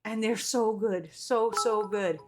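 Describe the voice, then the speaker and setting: Speaking slowly in a mid-range voice, this female streamer reads viewer comments aloud and keeps up an animated, casual chat with the odd curse. The background is noisy.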